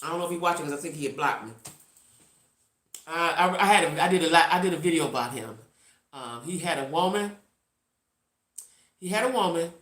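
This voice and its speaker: A woman's voice: lowish voice, fairly quick, pauses often, a bit bright, reverberant. A woman around sixty telling a blunt, salty story to her viewers, repeating lines for emphasis and reacting to live chat. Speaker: vlogger.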